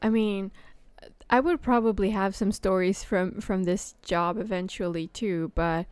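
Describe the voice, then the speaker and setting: Woman, casual chat, halting with lots of fillers, smooth clear voice, dry close sound. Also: medium pitch, steady tone, a little mellow, no echo. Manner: halting, many fillers and restarts. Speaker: podcast host.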